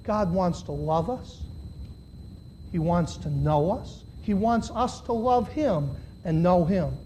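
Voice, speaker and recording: A man preaching a sermon to a congregation, swinging between loud, high, impassioned stretches and low, earnest appeals. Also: lively intonation, takes it slowly, a little hiss or hum. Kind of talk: sermon with altar call. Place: church.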